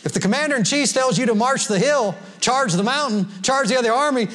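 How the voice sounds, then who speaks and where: A man's voice: very high-pitched, animated, moderate pace, a bit bright. A man preaching a sermon to a congregation in a folksy way, laughing often and quoting scripture. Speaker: pastor. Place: church sanctuary before a congregation.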